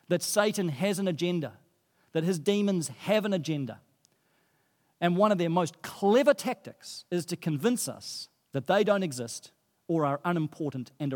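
Preacher guy with a high voice, earnest and emphatic, lots of reverb like a big hall. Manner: earnest, emphatic lists and repetition. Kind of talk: sermon.

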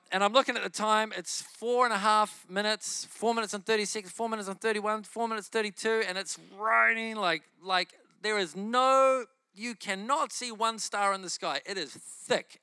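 A man preaching a sermon, telling a testimony in an animated way and acting out his own inner voices. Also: sits high, smooth, dry recording, clean studio sound.

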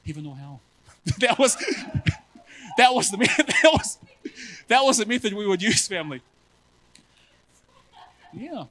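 A male preacher giving a sermon in an animated, self-mocking way, often calling his listeners family. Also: very high-pitched, takes it slowly, pauses often, poor audio.

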